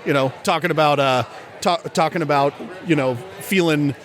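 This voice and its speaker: A man with a fairly high voice chats casually as a comedian and bass drummer. He rambles and laughs through his stories in an outdoor beer tent. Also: moderate pace, a faint crowd. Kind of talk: casual chat.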